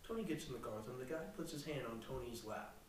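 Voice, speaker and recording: A young man telling crude stories on a casual podcast, profane and brash, breaking into loud laughing bursts. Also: mid-range voice, animated, quick pace, distant mic, a little hiss or hum. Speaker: podcast co-host. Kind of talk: casual crude storytelling chat. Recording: echoey room, mic set back.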